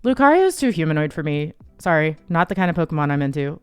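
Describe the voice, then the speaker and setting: A woman hosting a casual livestream, chatty and giggly, breaking into high excited squeals. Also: quick pace, few pauses, smooth, dry recording. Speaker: livestream host. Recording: dry close sound, faint music behind.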